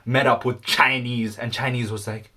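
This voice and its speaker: A man's voice: little pitch movement, moderate pace, sharp tone. Rambling young man retelling a story. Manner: rambling, slangy, full of ums and restarts; puts on squeaky high voices for quoted characters. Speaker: vlogger.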